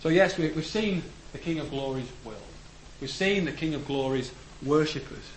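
A man preaching a sermon in a church, earnest, rising to emphatic declarations and letting phrase ends fall low. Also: moderate pace. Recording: echoey room with faint background noise.

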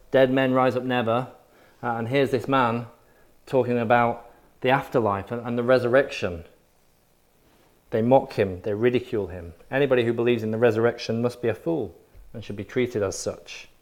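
Emphatic preacher. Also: male voice, medium pitch, darkish tone. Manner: emphatic, punchy repetition. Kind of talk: sermon.

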